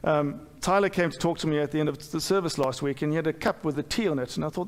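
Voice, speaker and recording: A middle-aged man delivers a sermon in a fairly high voice. He talks candidly and pokes fun at himself, stumbling through restarts and fillers. His voice rings out with a long reverb in a church hall. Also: quick pace, a crowd in the background. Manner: candid, self-deprecating, with frequent fillers and restarts. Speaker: pastor.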